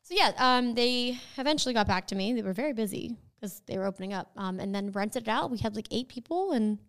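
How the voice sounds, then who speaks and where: A woman's voice: on the high side, quick pace, clean tone. A woman in her thirties co-hosting a casual chat, telling stories with lots of "like". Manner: animated storyteller, says "like" often.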